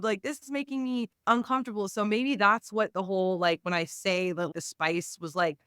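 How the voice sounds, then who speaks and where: A woman's voice: medium pitch, fairly even intonation, moderate pace, few pauses, fairly bright tone, smooth, no room sound, clean studio sound. A young woman co-hosting a podcast, chatting casually about a book and acting out scenes in mocking voices. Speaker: podcast co-host. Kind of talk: casual book review chat.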